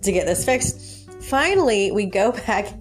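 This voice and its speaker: A woman hosting a podcast, telling a personal story in a casual, animated way and laughing often. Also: mid-range voice, measured pace, soft background music. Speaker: podcast host and life coach.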